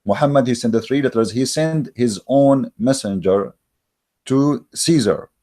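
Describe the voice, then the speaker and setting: A man's voice: medium pitch, a little slow, dark tone. A man giving a heated, scornful monologue as an online religious debater, mocking and emphatic, with frequent fillers and restarts. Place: recorded while in Germany.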